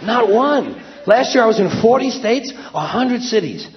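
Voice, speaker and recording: A man's voice: very high-pitched, lively intonation, moderate pace. A man doing a wry, sardonic, conversational stand-up monologue. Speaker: stand-up comedian. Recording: dull lo-fi with faint ambience.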